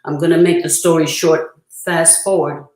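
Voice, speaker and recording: A priestess presenting a spiritual workshop, talking earnestly and reverently with frequent pauses, and reciting a prayer. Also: female voice, deep voice, steady tone, a little mellow. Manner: earnest, reverent, pausing often to gather thoughts. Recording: roomy echo.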